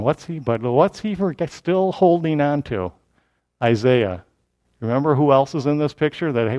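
A man giving a Bible lesson, explaining in an animated way with frequent restarts. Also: mid-range voice. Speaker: Bible teacher. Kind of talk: scripture lesson.

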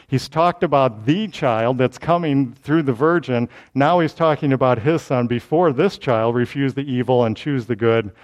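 A man's voice: medium pitch, a little mellow. A man teaching a sermon verse by verse, switching into raised, proclaiming tones when he reads scripture. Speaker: preacher. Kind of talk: expository Bible teaching.

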